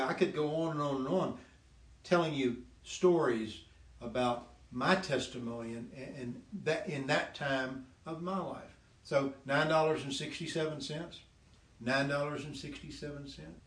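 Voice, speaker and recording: A man casually telling the story of his faith testimony, animated and laughing often, dropping lower when he quotes God. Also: measured pace, echoey room. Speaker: guest sharing his testimony.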